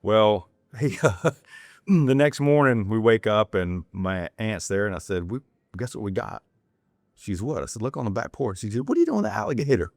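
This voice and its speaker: Speaking unhurriedly in a lowish voice, a North Carolina man guesting on a podcast shares casual, wandering anecdotes packed with restarts. When he quotes people, he performs them in a raised voice. The studio sound is clean, with no room sound at all.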